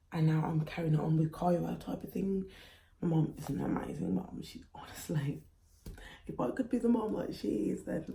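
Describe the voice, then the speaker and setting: A young woman from England talks casually and earnestly to camera, with plenty of "like" and "um" between thoughts. Her voice is dark and mellow, with a gravelly fry underneath. The room around her rings with echo. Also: on the low side. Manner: chatty, earnest, frequent fillers. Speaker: vlogger and mum. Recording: echoey room.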